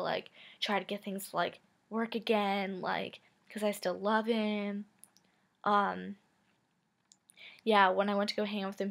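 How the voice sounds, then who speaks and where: Twenty-something woman vlogging her story, rambly, lots of likes and ums, swears freely, a bit of fry in her voice. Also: mid-range voice, a bit bright. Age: 20s. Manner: chatty, heavy use of "like" and "um", frank swearing. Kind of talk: casual storytelling to camera.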